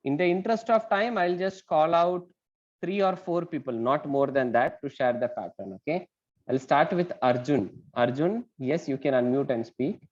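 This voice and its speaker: Patient Indian-English math teacher on a call. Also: male voice, on the high side, normal speed. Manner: patient, checks in with "right?". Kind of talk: online math class. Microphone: video call. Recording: dull lo-fi call audio.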